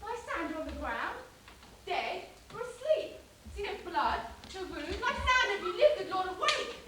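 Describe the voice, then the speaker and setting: A woman's voice: extremely high pitch, very animated, moderate pace. A young woman playing an insecure, lovelorn young woman, declaiming impassioned verse. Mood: pleading. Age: young adult. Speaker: amateur stage actor. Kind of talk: live school stage play. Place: school hall stage. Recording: echoey hall, distant mic, faint hiss.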